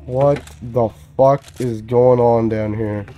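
A man giving casual, excitable gaming commentary, swearing and frantically repeating himself as the action heats up. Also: medium pitch, takes it slowly, slight background noise. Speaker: gameplay commentator.

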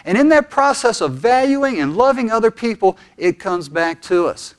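Pastor, male, slightly high voice, earnest storyteller, deliberate phrasing. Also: big pitch swings, clean tone. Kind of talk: sermon.

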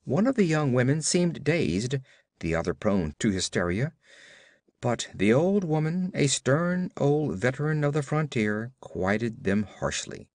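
A man giving expressive, dramatic audiobook narration of a pulp adventure. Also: mid-range voice, unhurried, no room sound, studio quality.

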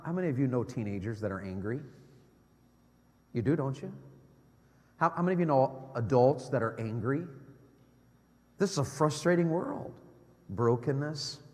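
A middle-aged man preaching a sermon as an evangelist, swinging from loud exclamations to hushed low tones. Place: church sanctuary. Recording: long church hall reverb.

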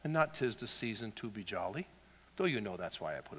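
A male pastor preaching a sermon in a church, dramatic and animated, swinging from loud shouts to hushed whispers. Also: on the low side, a little fast, in a large hall, a little hiss or hum.

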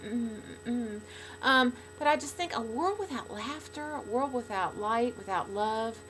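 A middle-aged woman talking casually to fans in a video blog, bubbly and gushing, swinging between loud excitement and soft sincerity. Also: fairly high pitch, measured pace, faint music behind. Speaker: podcast regular speaking to fans.

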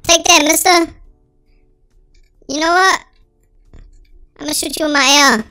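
Squeaky chipmunk-filtered gamer host. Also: measured pace, no room sound, soft background music. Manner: excitable, dramatic exclamations. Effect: sped-up chipmunk voice filter. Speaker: gaming channel host. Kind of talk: let's-play gameplay commentary.

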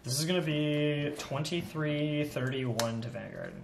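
A young man at a card table, joking as he calls out his attacks and numbers in a relaxed back-and-forth. The room is roomy and echoey, and steady background noise sits under his voice. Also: a little high, measured pace, vocal fry. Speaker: card game player. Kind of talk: casual play-by-play of a card match.

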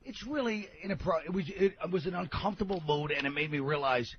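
A man bickering as a guest on a radio show, rapid-fire and mock-outraged, throwing insults. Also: fairly high pitch, dull audio. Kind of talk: combative comic banter.

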